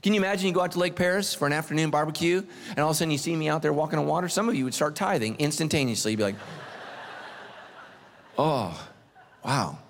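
Animated joking pastor in a reverberant hall. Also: male voice, racing, few pauses. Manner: animated, joking, swings pitch for emphasis. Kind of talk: sermon. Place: church sanctuary.

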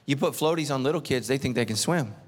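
A middle-aged man preaching a sermon, telling stories with lively, animated delivery and acting out voices. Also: fast. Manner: animated storytelling, acts out voices, big pitch swings. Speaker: pastor. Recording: long reverb of a large hall.

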